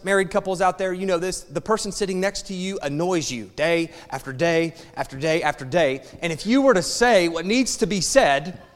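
A middle-aged male pastor preaching a sermon, telling stories with lively humor and acting out the voices in his quoted exchanges. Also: fairly high pitch. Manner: animated storytelling, acts out quoted exchanges. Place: church sanctuary. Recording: long hall reverb.

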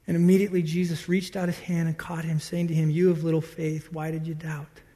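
High-voiced pastor preaching in a reverberant hall. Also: male voice, a little fast. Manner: animated storytelling, acts out disciples' voices. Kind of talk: sermon.

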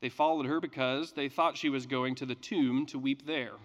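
A man reading scripture and preaching a sermon in a measured, earnest way with emphatic pauses. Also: medium pitch, steady tone, long reverb tail, lo-fi sound. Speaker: pastor.

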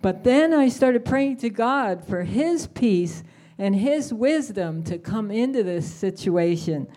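Slow, mellow woman sharing a testimony. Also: medium pitch, animated. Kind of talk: personal testimony.

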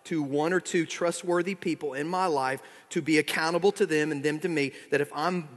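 A male pastor delivering an expository sermon in a slightly higher voice, dropping to soft asides and rising into pointed exhortation. His words ring out with a long reverb from a large hall. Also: steady tone, a little fast. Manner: expository preaching, swings from quiet asides to emphatic exhortation.

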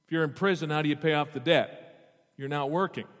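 Fairly quick and fairly bright, the man's slightly high voice carries a sermon in which he reads scripture, breaks off often to explain it, and asks the congregation questions. He's a pastor, recorded with long hall reverb.

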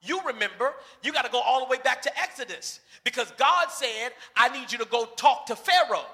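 A man preaching a lively sermon, acting out the voices of bible characters and shouting for emphasis. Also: very high-pitched, fairly quick. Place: church sanctuary. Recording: reverberant church hall.

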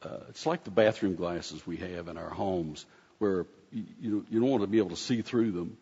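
A man's voice: deep voice, moderate pace, vocal fry, dark tone, husky. A man preaching a conversational sermon in a folksy, rambling way, often restarting his sentences. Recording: dull sound with long hall reverb.

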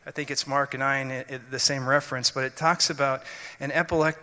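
A man preaching with a bright, cutting voice, working through scripture with earnest explanations and frequent restarts. His words ring out in a long, hanging reverb. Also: mid-range voice, fairly even intonation, fairly quick. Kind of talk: sermon.

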